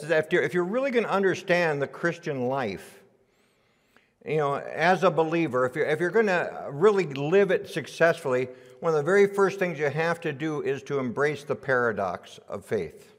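Man, guest preacher, folksy storytelling sermon, slightly high voice, long church reverb. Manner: folksy storyteller, repeats words. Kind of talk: sermon with a joke. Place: church sanctuary.

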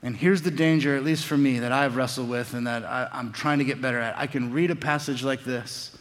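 A man in his forties preaching a sermon, an animated storyteller who also turns quiet and reflective. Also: medium pitch, a little fast. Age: 40s. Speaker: pastor. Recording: long hall reverb.

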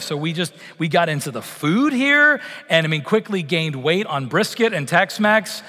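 High-voiced Canadian pastor preaching. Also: male voice, big pitch swings, moderate pace, pushed and bright, in a large hall. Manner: conversational preaching with many fillers and restarts. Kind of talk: sermon. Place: church sanctuary.

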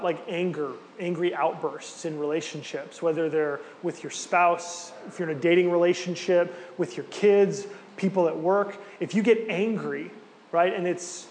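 A man's voice: fairly high pitch, darkish tone. Man teaching in a reverberant hall. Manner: conversational, many fillers and asides. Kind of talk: sermon-style teaching talk. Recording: hall reverb with faint background noise.

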